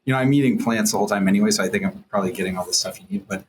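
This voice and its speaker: A man hosting a casual interview chat, halting and searching for words as he asks questions. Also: lowish voice, slight background noise.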